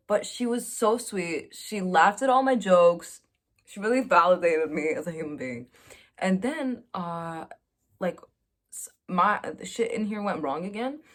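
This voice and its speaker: Candid, chatty young woman vlogger. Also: lowish voice. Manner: chatty, candid, self-mocking storyteller. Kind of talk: casual confessional chat.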